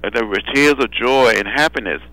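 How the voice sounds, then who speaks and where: A man, a guest on a phone interview, speaking in a measured way and repeating phrases for rhythm. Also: medium pitch, bright, forceful tone, no echo, poor audio. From Alabama. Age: 70s. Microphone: telephone.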